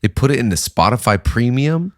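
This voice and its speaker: A middle-aged man hosts a podcast in loose, animated conversation, joking as he goes. His voice has a gravelly, fry-tinged edge. The sound is dry and close, with no room around it. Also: medium pitch, a little fast, dry recording. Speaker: podcast host. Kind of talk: casual chat.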